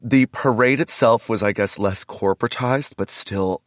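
A man, a comedian guest on a podcast, telling stories in casual, animated, digressive conversation. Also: fairly low pitch, normal speed, no room sound, studio quality.

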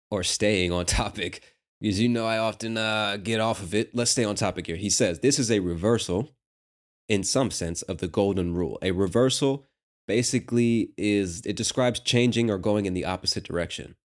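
An American man hosting a lesson, explaining a clip slowly and patiently with casual asides. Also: low voice, darkish tone. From United States. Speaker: host.

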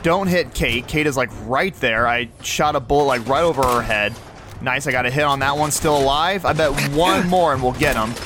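A man hosting a podcast, excitedly talking through his own video game play as he goes. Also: medium pitch, moderate pace, slight background noise. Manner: excitable, narrates his every move aloud. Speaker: podcast host.

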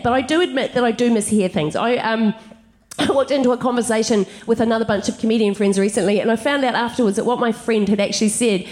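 A woman comedian telling funny stories on stage, giggling and animated as she talks to a live audience. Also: fairly high pitch. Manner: giggly, animated, laughs through lines. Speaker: comedian, co-host. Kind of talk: live stand-up storytelling.

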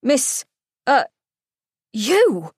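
A woman voicing a startled, well-bred young gentleman who splutters indignantly as she reads a romance novel aloud. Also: high voice, big pitch swings, brisk, dry recording, clean studio sound.

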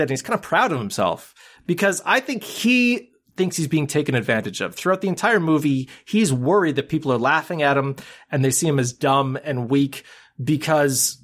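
A man co-hosting a podcast in casual chat, retelling scenes in an animated way and swearing freely. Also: fairly high pitch. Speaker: podcast co-host.

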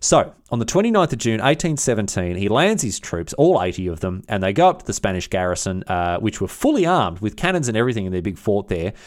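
A man's voice: on the low side, big pitch swings, fast talker, few pauses. A man hosting a history podcast, retelling events in a chatty, irreverent way with slang and frequent restarts. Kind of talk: casual history storytelling.

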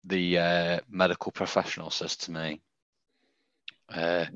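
A man's voice: low voice, little pitch movement, a little slow, pauses often, fairly bright tone, no room sound, lo-fi sound. A man co-hosting a podcast, telling his own mishaps in a dry, self-mocking way. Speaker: podcast co-host. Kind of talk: casual chat.

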